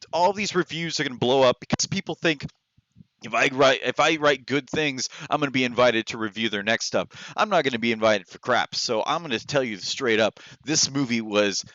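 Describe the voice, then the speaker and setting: A man's voice: mid-range voice, moderate pace, fairly bright tone, no room sound, dull audio. Exasperated man ranting in a dry recording. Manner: exasperated, blunt, many restarts and fillers. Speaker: movie reviewer. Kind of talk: ranting movie review vlog.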